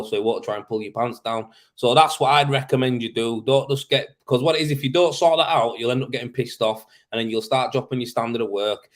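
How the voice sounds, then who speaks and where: A man in his thirties hosts a casual live chat, answering viewers' comments. He talks bluntly and matter-of-factly, with plenty of slang and an easy laugh. His voice sits at an ordinary middle pitch. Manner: blunt, matter-of-fact advice with slang and frequent "mate"; laughs easily. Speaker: host.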